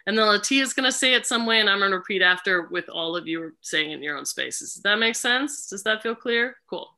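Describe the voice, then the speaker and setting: A woman facilitating a group ritual over a video call, speaking gently and unhurriedly with many fillers. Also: mid-range voice, animated, fairly quick.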